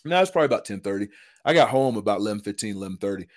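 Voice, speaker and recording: A man, a retired football lineman, telling a hunting story in a casual, animated, slangy way, full of "dude" and "man". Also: on the low side, rapid-fire.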